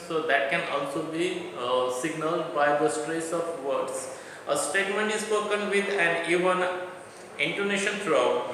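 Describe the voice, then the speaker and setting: A man's voice: on the high side, bright, forceful tone, a little hiss or hum. A man lecturing a college class on literary terms. He reads each definition aloud and then explains it again in simple words. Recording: distant echoey hall recording.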